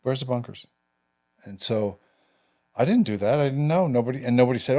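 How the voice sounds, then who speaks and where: An older man telling a personal story in an interview, halting and reflective, his voice trailing off into quiet asides. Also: medium pitch, animated. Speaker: guest, veteran actor and writer.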